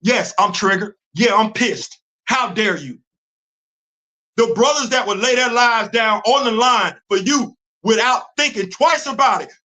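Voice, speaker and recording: A man's voice: very high voice, measured pace, pushed and bright. A middle-aged man, hosting his own show in heated, emphatic casual commentary and repeating himself for force. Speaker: host.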